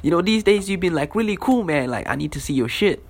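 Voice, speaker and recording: A man's voice: fairly high pitch, animated, fast, slightly rough, voice pushed up. A man doing a cheerful, coaxing dad. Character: upbeat dad in a good mood.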